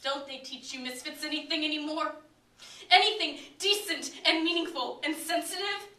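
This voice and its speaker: A young woman acts out a bitter middle-aged mother who mocks and belittles. The voice is high and bright, with a sharp, cutting edge. It is heard from a distant camera in a roomy, echoing space. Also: moderate pace. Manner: sarcastic, cutting, mocking. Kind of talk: solo dramatic interpretation. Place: competition room. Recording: echoey room from far off.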